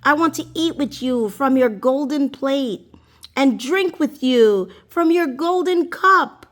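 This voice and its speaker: A woman's voice: fairly high pitch, a bit bright. A woman voicing an ugly little male frog, coaxing and demanding, in a storybook reading.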